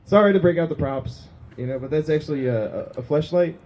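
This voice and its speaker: A man's voice: fairly high pitch, brisk, mellow, lo-fi sound, a little hiss or hum. A man doing a crude, self-mocking stand-up set on a small pub stage, laughing at his own jokes. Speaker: stand-up comedian.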